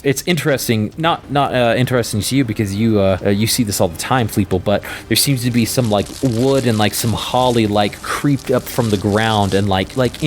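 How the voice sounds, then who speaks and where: A man running a tabletop game as game master, narrating loosely with lots of fillers and laughs. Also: lowish voice.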